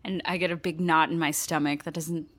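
A woman playing her character at a tabletop game, speaking with hesitant, halting restarts. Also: deep voice, flat delivery, no room sound. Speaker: player.

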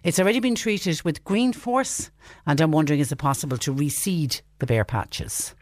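A man's voice: a little high, normal speed, no echo, studio quality. An Irish man hosting a radio phone-in show, chatting casually and reading out listener texts. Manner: reads listener texts aloud, chatty and digressive. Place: radio studio. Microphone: studio microphone.

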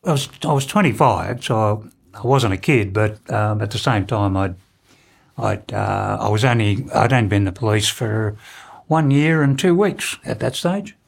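Gravelly older Australian man, hesitant. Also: fairly low pitch, normal speed. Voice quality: gravelly, husky. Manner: hesitant, restarting phrases. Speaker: interview guest, former police officer.

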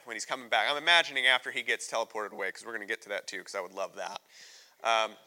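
Bright-voiced emotional American preacher. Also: male voice, lowish voice, fairly even intonation, fast talker, long pauses. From United States. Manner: candid, emotional storytelling. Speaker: missionary guest preacher. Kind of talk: sermon. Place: church sanctuary. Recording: long reverb of a church hall.

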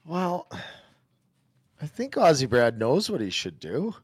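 Male podcast co-host, emphatic, lively pitch, dry close sound. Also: slow pace, breathy edge, no room sound. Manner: emphatic, repeats for stress. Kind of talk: casual sports podcast chat.

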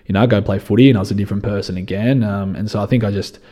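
A young Australian man with a fairly low, warm and mellow voice tells his own story as a guest in an interview. He sounds relaxed and conversational and keeps circling back with "you know.". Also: very fast. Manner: relaxed and conversational, often says "you know" and restarts phrases. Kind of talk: reflective personal storytelling.

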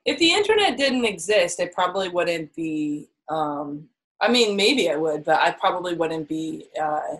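Playful, rambling woman with a lower voice. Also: big pitch swings, unhurried, fairly bright tone, low-quality recording. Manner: playful and teasing, rambling with many fillers. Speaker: podcast co-host answering questions. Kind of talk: casual chat.

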